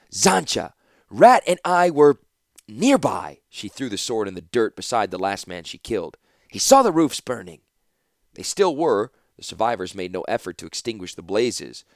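A man narrating a fantasy audiobook in a dramatic, expressive storytelling manner. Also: deep voice, dry recording, studio quality.

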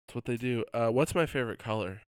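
A man's voice: medium pitch, quick pace, clear, resonant tone. A man co-hosting a casual comedy podcast, quizzing his friend with playful questions and laughing often. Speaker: podcast co-host asking quiz questions.

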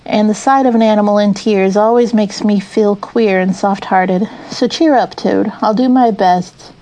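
A woman reading as a stern but kind-hearted male train driver who speaks in a steady, grave way in an audiobook. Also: medium pitch, lightly acted, rough recording. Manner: steady and grave, slow when warning.

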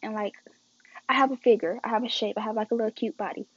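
A teenage girl rambles through a casual storytime vlog, turning to her viewers again and again. Her voice sits a bit high and comes out husky. The recording is dry and dull, with a lo-fi sound. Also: steady tone, fast. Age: teens. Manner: chatty, keeps addressing viewers as y'all and guys. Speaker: vlogger telling a story.

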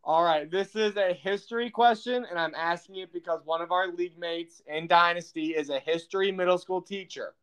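High-pitched and fairly quick, with few pauses, this young man's voice sounds a bit bright, clear and resonant. He quizzes his podcast co-host in a teasing, casual chat, laughing frequently.

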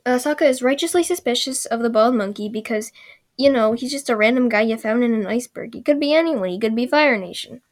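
A woman with a slightly high voice recaps an episode in a loose, casual way. She drifts into sarcastic, rambling asides and jokes as she goes. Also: quick pace.

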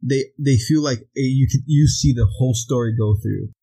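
Young male co-host, mellow and husky, halting casual delivery. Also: mid-range voice, poor audio. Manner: halting, restarts a lot, laughs between thoughts. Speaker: podcast co-host. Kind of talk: casual movie discussion.

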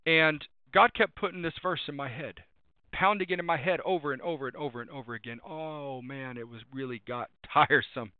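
A man's voice: on the high side, fairly quick, smooth, dry recording. Emphatic preacher man on tinny line. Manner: emphatic, repeats refrains and cites verses. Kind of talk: sermon. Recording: tinny phone-like dry sound.

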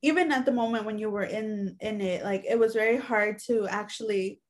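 A woman's voice: mid-range voice, brisk. A young woman in casual conversation who sounds thoughtful and supportive toward her friend. She pads her thoughts with "you know" and "like" as she works them out. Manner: reflective and supportive, with many "you know" fillers. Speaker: podcast co-host. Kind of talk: casual chat.

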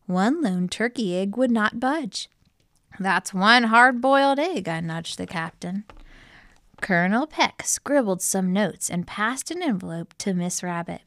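A woman reading a children's storybook aloud with lively, playful, expressive narration. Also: mid-range voice, measured pace, no echo, studio quality. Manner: lively, playful pun-filled delivery. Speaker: storybook reader.

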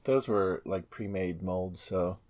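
Laid-back man, lowish voice. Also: fairly even intonation, slow, darkish tone. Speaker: podcast co-host. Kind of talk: casual chat.

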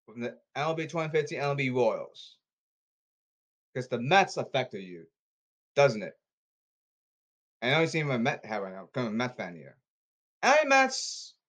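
A man's voice: medium pitch, animated, moderate pace, long pauses, fairly bright tone. A man hosting a podcast, delivering an agitated, repetitive, scolding rant. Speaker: podcast host. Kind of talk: ranting podcast monologue.

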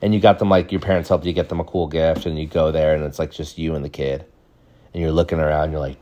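Low-voiced man telling rambling stories. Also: fairly even intonation, fast talker, darkish tone. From California. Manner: rambling, acts out quotes in high mimicking voices. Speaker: podcast host. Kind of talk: casual storytelling monologue.

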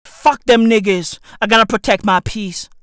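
A woman doing a profane, boastful comedic podcast rant at home, full of slang and loud outbursts. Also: mid-range voice, normal speed, over loud music. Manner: boastful, slangy, shouty and laughing, calls listeners bruv. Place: at home, neighbor's dog nearby.

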